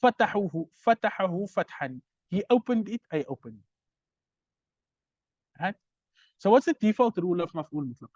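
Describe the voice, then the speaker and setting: A man's voice: high voice, big pitch swings, normal speed, pauses often, a little mellow, no room sound, dull audio. A man teaching Arabic grammar in a recorded lecture, explaining step by step and often checking understanding with "right?".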